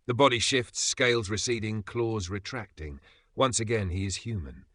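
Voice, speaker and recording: A man's voice: lowish voice, normal speed, a bit bright, dry recording. A man narrating a comic recap in scripted, dramatic storytelling.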